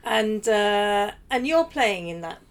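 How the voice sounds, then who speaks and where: A woman's voice: medium pitch, animated, slow, slight background noise. A woman hosting a podcast interview, upbeat, laughing often and prompting her guests with questions. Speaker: podcast host. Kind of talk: casual interview.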